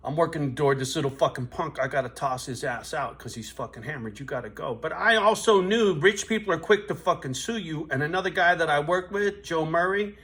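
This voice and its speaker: A man's voice: fairly high pitch, fairly quick, hardly any pauses, a bit bright. A man in his fifties telling a blunt, profane, streetwise story in a vlog, asking "right?" again and again. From US West Coast. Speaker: vlogger.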